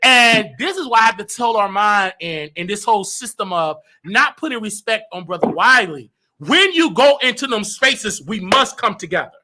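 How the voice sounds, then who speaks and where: A man hosting a comedy show, ranting in a loud, animated way and often breaking into shouts. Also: high voice, normal speed. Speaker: show host. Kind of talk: comedic rant.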